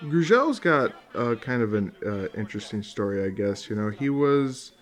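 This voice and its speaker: A man's voice: medium pitch, sing-song, moderate pace. A man casually commentating on old fight footage, rambling, swearing often and laughing along.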